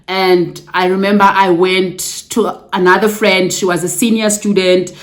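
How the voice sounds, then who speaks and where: A young woman tells her own story straight to camera, chatty and open. She keeps turning to her viewers as guys and drops in yay and yo as she goes. Her voice sits at an average pitch for a woman. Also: level tone, measured pace. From South Africa. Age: young adult. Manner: emotional, close to tears at times. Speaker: vlogger.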